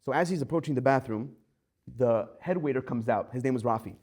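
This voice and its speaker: A man, a rabbi giving a Torah class, telling a story with lively acted-out quotes. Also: medium pitch, fairly quick.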